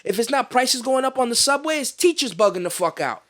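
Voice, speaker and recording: High-voiced New York man ranting. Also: brisk. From New York City. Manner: animated ranting with profanity and street slang. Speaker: podcast host. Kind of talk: casual podcast chat.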